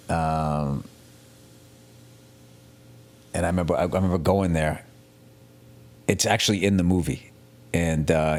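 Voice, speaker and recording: A middle-aged man talks off the cuff like a working comedian, swearing freely and drifting from one story to the next. His delivery is casual and animated, with plenty of restarts and asides. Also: low voice. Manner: profane, rambling, animated storytelling. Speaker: comedian, podcast host. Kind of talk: casual rambling monologue.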